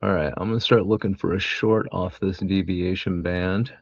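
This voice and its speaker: Low gravelly man streaming trades. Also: fairly even intonation, moderate pace, no echo, muffled recording. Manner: rambling, wry, reads headlines aloud with asides. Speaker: day trader streaming live. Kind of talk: casual live-stream commentary.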